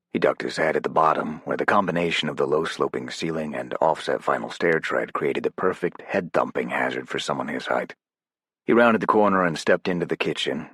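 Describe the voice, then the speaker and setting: A man narrating a thriller audiobook in a steady, even storytelling manner. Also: very deep voice, slightly rough, no room sound, clean studio sound. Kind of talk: scripted narration.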